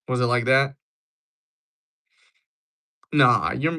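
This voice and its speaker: A man's voice: mid-range voice, steady tone, fairly quick, a bit bright. A young man hosting a livestream, chatting casually and joking as he answers viewers. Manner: joking, rambling replies to chat. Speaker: livestream host.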